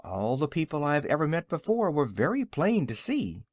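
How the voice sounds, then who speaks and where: A man voicing a sober, courteous old wizard in a storybook reading, a bit lower than his narration. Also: wildly swooping pitch, moderate pace, a little mellow, no room sound, clean studio sound, exaggerated voice. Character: sober, polite elderly male wizard.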